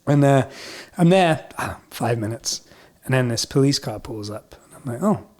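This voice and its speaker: A podcast guest musician from Scotland, whose accent blends Scottish and English, tells a story in casual conversation. His voice sits in the mid range at a normal pace, and he animatedly acts out the voices of the people involved.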